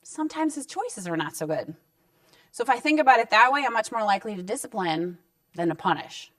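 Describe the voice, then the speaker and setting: Woman counselor, relaxed and reassuring parenting talk, dry and slightly distant mic. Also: fairly high pitch, a little fast, no room sound. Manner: conversational and reassuring, acting out short parent-child exchanges. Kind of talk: direct-to-camera parenting advice talk. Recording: dry sound with the mic set back.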